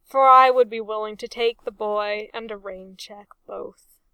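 A woman narrator puts on a beaten, formal old naval captain bargaining wearily. The pace is slow and the sound close and dry. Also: high voice, steady tone, bright, forceful tone, clean tone, no echo, heavily acted. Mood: defeated. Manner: formal, weary phrasing.

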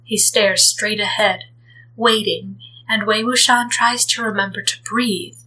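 A woman narrating a story aloud at an unhurried pace. Her tone is bright and clear, and her reading is gentle and expressive. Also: medium pitch, poor audio. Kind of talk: reading fan fiction aloud.

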